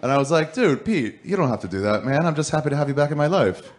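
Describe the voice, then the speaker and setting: A man's voice: on the high side, animated, fast talker. A man in his thirties telling a stand-up story on a club stage into a handheld mic, acting out both sides of phone calls in raised voices. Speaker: stand-up comedian.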